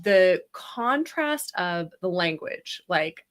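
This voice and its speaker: Bright-voiced woman, casual storyteller, lively with frequent laughs and fillers. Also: on the low side, unhurried. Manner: animated, laughing often, many fillers.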